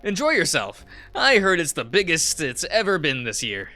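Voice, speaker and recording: A man's voice: fairly high pitch, expressive, measured pace, sharp tone, faint music behind, voice pushed up. Man doing a friendly fox taxi driver. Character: large calm male fox taxi driver.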